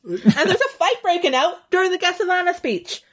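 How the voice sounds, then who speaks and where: A woman playing a tabletop game, with wry, quick remarks. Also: very high-pitched, very animated. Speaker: player.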